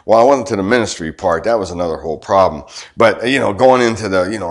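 A man's voice: medium pitch, expressive, fairly quick, fairly bright tone. A middle-aged man preaching a sermon in a conversational way, firing rhetorical questions at the congregation and tossing in joking asides. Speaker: pastor.

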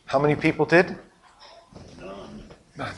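A man preaching a sermon with animated storytelling, swinging between loud bursts and hushed asides. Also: a little high, a little slow, gravelly, slight background noise. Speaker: pastor.

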